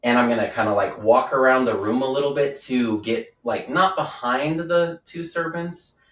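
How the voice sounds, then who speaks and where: A man's voice: medium pitch, moderate pace, fairly bright tone. A man playing a tabletop game, talking in a hesitant, rambling way. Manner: rambling, hesitant, lots of fillers. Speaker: player. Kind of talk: casual tabletop play. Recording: echoey room, mic far off.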